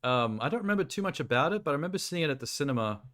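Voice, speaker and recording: A man streaming, reacting in relaxed, rambling casual chat with easy swearing. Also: a little high, very fast.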